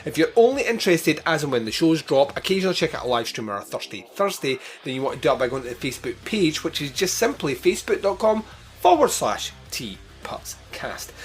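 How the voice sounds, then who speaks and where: A man hosting a podcast, chatting casually through his outro and rattling off where to find the show. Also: on the high side. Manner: chatty, rambling plugs. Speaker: podcast host.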